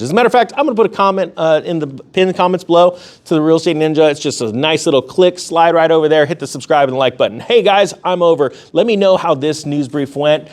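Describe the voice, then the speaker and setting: A man hosting a casual economic news commentary, his voice sitting a little high for a man. He drops sarcastic asides and jokes as he goes, jumping quickly up and down in pitch and speeding up and slowing down. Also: a little mellow. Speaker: host of an economics news channel.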